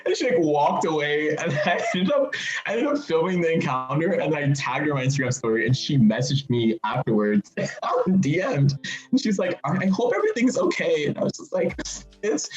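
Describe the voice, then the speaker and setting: A man's voice: fairly quick, reverberant, dull audio, over music. A young man, a university student, casually telling a funny story and acting out the voices of the people in it. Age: young adult. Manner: animated, acts out voices in high pitch. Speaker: student panelist.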